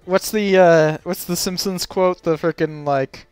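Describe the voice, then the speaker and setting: Slow-talking, laughing man reacting on stream. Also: sits high, fairly even intonation, a little mellow, clear, resonant tone, dry recording, clean studio sound, soft background music. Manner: rambling, jokey, laughs often, lots of fillers. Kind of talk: casual chat.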